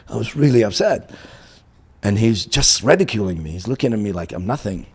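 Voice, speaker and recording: A man's voice: lowish voice, animated, a little fast, creaky, slightly rough. A middle-aged man, a boxing coach on a podcast, telling a story with animation, acting out the dialogue and often laughing.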